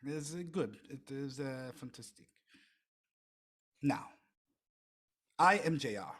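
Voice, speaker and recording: A man voicing a scheming male French Canadian syrup crime boss with a put-on French accent, halting and full of pauses. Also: medium pitch, expressive, a bit bright. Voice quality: halting speech with thick fake accent, many "uh" pauses. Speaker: game master voicing a character.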